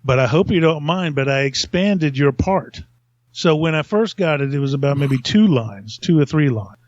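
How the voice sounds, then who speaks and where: A man's voice: fairly high pitch, expressive, moderate pace, no room sound, lo-fi sound. A man telling a long story in casual podcast chat, rambling and self-mocking, laughing often.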